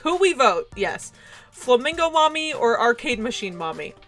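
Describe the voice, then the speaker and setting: A woman's voice: fairly high pitch, sing-song, moderate pace, fairly bright tone, soft background music. A young adult woman streaming a game, chatting casually with viewers in a giggly, self-deprecating way. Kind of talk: casual livestream chat while playing a game.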